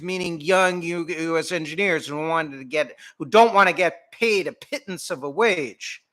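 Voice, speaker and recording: A man's voice: on the high side, normal speed, hardly any pauses, fairly bright tone. A man hosting a political commentary show, delivering an indignant, profanity-laced rant. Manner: indignant, swearing, emphatic.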